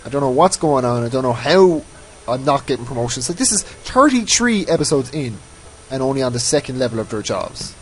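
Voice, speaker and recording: A man's voice: mid-range voice, big pitch swings, a little fast, few pauses, a little hiss or hum, rough recording. A man giving casual, rambling commentary over his own gameplay, often mocking himself. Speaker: let's play host.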